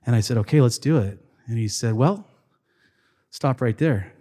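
A man preaching a sermon as pastor, telling a lively story and acting out the people in it before moving into scripture. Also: medium pitch, normal speed. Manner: animated storyteller, acts out quotes, bursts into shouts. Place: church sanctuary. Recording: long hall reverb.

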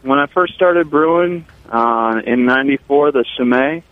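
A man's voice: mid-range voice, normal speed, no echo. A man calling in by phone, talking casually and enthusiastically about his brewery, rambling with plenty of fillers. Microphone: telephone. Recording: tinny phone line.

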